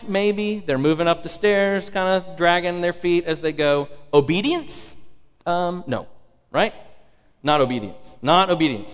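A man with a high voice preaches from the front of a church sanctuary, and the sound carries a long reverb. He presses his points hard, repeats key phrases for weight and keeps asking the congregation rhetorical questions. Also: fairly bright tone. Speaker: pastor. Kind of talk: sermon.

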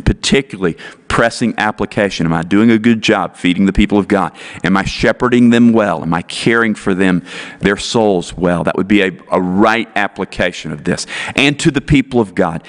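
A man's voice: deep voice, brisk. A male pastor preaching a sermon in an earnest, emphatic way, pressing his points with repeated rhetorical questions.

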